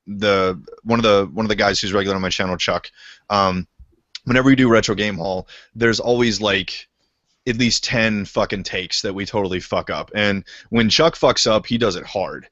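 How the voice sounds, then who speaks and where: A man's voice: fairly low pitch, steady tone, moderate pace, a bit bright, no room sound. A man hosting a casual podcast, laid-back and laughing, cursing freely in his stories. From Canada. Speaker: podcast host. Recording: muffled, lo-fi podcast audio.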